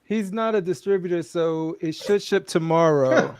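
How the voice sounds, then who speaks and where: A man's voice: high voice, normal speed, smooth, no echo. A man chatting casually on a livestream with a joking, mock-formal delivery. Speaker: panelist.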